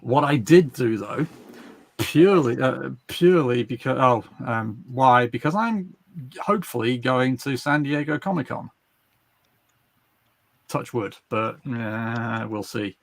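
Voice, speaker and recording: A man's voice: mid-range voice, expressive, slow pace, vocal fry, dry recording. An English man hosting a casual video call chat, with a wry, understated humor. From England. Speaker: writing group host.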